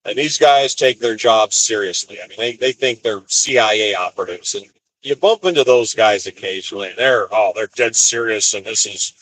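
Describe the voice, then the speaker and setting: A van driver live-streams from his van on a phone, telling road stories in a rambling, wry way. His voice is lowish and fairly bright, at a moderate pace. The audio is poor, with no room sound.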